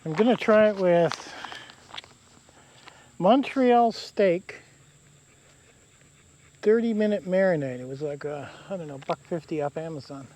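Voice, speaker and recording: A man's voice: a little high, brisk, hardly any pauses, darkish tone. A man vlogging casually to camera while camping in damp woods by a river, talking in an easygoing, rambling way. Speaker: outdoor vlogger. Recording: faint outdoor insect noise. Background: crickets and insects.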